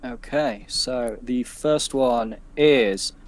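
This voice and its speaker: A man in a mid-range voice runs a tabletop game at an unhurried pace. He trails off into fillers as he works through the rules. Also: mid-range voice, a little hiss or hum. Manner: hesitant, many fillers, fumbles with the software. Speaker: game master.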